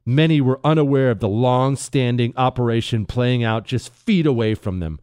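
A man hosting an opinion talk show, sarcastic and emphatic, jumping between mock excitement and flat scorn. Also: mid-range voice, moderate pace, clear, resonant tone, no echo, studio quality.

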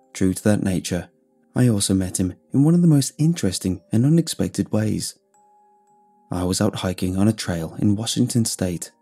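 A man narrating a scripted first-person story in an expressive storytelling way. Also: fairly low pitch, husky.

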